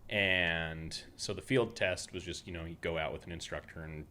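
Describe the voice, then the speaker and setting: A man's voice: sits low, moderate pace, sharp tone, a little hiss or hum. A man from Utah hosting a casual podcast, who tells meandering anecdotes full of restarts. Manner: rambling anecdotal storytelling with many restarts. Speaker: podcast host.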